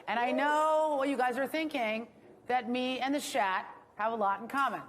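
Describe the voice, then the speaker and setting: A woman with a slightly high voice hosts an awards ceremony. She delivers a joking monologue full of wry asides to a live audience. Her voice rings through a reverberant hall with a faint hum of ambience underneath. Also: moderate pace. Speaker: awards show host. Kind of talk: stand-up comedy monologue. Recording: echoey hall with faint room noise.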